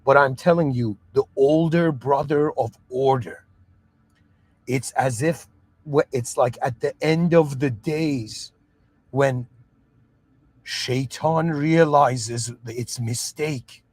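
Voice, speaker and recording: Slow and a little mellow, this man's mid-range voice comes through a dry recording. He hosts a podcast and moved to Canada at age seven, and he reflects earnestly in monologue, frequently starting over and making sure the listener understands.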